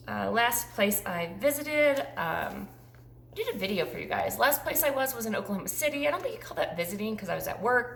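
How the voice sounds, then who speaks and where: A woman's voice: on the high side, gravelly, a bit bright, reverberant, a little hiss or hum. A woman in her forties chatting casually through a tag video, rambling with frequent ums. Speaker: YouTuber.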